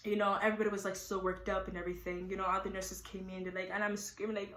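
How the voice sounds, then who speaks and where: A teenage girl telling her own story in a chatty, animated way, with many fillers. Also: medium pitch, very fast, few pauses, roomy sound, poor audio. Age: teens. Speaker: vlogger. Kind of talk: casual storytime.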